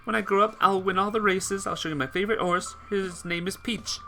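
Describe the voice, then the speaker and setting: A man's voice: high-pitched, steady tone, brisk, pushed and bright, a little hiss or hum, voice pushed up. A man voicing a frail young woman who is delirious and scared, speaking in a weak, pleading way. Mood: frightened.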